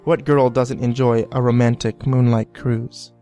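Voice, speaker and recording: A man's voice: medium pitch, flat delivery, a little slow, warm tone, soft background music, natural voice. Man voicing a flirty, tipsy wife. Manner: teasing, coquettish.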